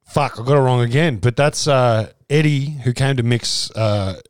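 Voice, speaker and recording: A man's voice: medium pitch, normal speed, clean tone, no room sound. A man co-hosting a podcast, dropping dry, sardonic quips. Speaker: podcast co-host. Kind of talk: casual sweary banter.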